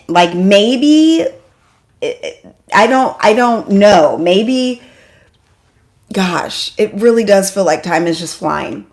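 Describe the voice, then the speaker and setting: A woman hosting a casual live stream from home, chatty and excitable, joking at her own expense and greeting viewers by name. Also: medium pitch. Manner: self-deprecating, apologetic asides. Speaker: homeschool mom vlogger hosting a live stream.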